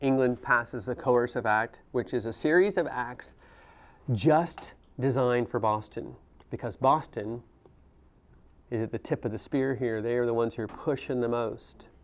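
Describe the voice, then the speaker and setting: A man with a smooth, clear voice at a middle pitch teaches history to a classroom. He talks casually and keeps asking his students questions as he goes. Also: a little slow. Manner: conversational, asks the class questions. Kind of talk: classroom lecture.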